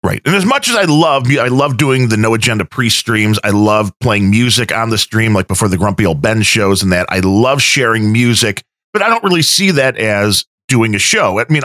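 A man co-hosting a podcast, telling stories in a measured casual chat. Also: mid-range voice, expressive, fairly bright tone, no echo, clean studio sound. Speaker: podcast co-host.

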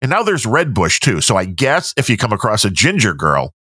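A man's voice: lowish voice, a little fast, husky, dry recording, clean studio sound. A man with a Midwestern American accent, co-hosting a podcast and telling casual stories with frequent laughs. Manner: animated storyteller, laughs often, mimics others. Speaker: podcast co-host. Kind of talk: casual chat, storytelling.

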